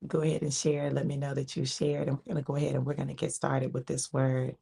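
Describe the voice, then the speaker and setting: A woman's voice: very deep voice, little pitch movement, fast, gravelly, dark tone, slightly rough. A woman ministering on a live devotional broadcast from home, talking casually with viewers, keeping her voice down and repeating her phrases.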